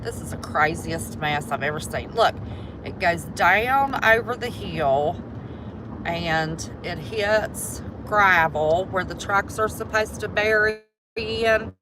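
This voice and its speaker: West virginia lady chatting on her phone while she drives, slow and folksy, lots of road noise. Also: lowish voice. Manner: chatty, folksy, addresses viewers as y'all. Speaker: vlogger. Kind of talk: casual livestream commentary. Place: inside a car driving mountain roads. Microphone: handheld phone while driving.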